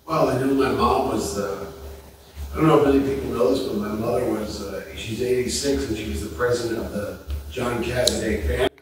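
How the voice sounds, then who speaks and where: A man on a convention memorial panel, telling animated stories with laughter and acting out what people said. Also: mid-range voice, brisk. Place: convention hall panel room. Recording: echoey hall, audience noise, distant mic.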